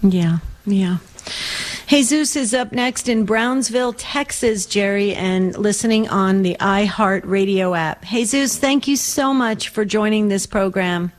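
A woman's voice: medium pitch, measured pace. Empathetic woman co-hosting radio. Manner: warm and empathetic, thoughtful, repeats words. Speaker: radio co-host. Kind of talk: call-in radio talk.

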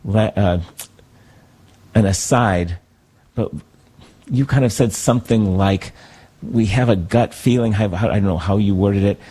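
Husky low-voiced priest. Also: male voice, dark tone. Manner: thoughtful, reflective, pausing to search for words. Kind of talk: conversational talk.

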